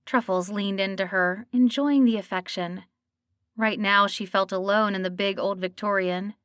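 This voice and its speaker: A woman narrates a cozy mystery in an even, storytelling voice of middle pitch. The recording is dry and close with no room sound. Her reading is steady and clear. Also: moderate pace, dry recording. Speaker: audiobook narrator. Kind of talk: scripted narration.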